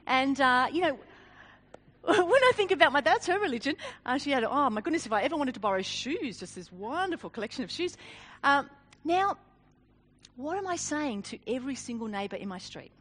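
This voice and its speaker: A woman gives a sermon built around a personal story. Her voice sits high and moves all over the place as she talks. She is animated, pokes fun at herself and laughs easily. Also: brisk. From Australia. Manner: animated, self-deprecating, laughs often. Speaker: speaker.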